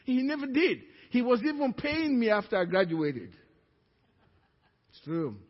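High husky pastor preaching a sermon. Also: male voice, very animated, unhurried. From Africa. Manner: storytelling, acting out quoted voices with rising pitch. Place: church. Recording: dull reverberant church hall recording.

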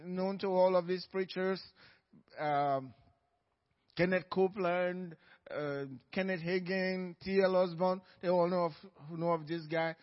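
A man preaching a sermon as pastor, moving from quiet storytelling to loud, fervent exhortation. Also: high-pitched, fairly even intonation, a little slow. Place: church sanctuary. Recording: church hall reverb, dull lo-fi sound.

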